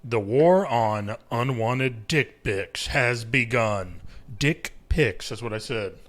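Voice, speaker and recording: A man's voice: medium pitch, slow pace, a bit bright. A man hosting a podcast, rambling in casual crude banter and joking around. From United States. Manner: rambling, crude joking, breaks into mocking put-on voices. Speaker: podcast host.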